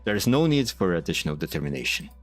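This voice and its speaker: A man voicing a stern, formal older male church official, speaking gravely and in measured phrases. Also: sits low, very animated, soft background music. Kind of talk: amateur reading of game dialogue.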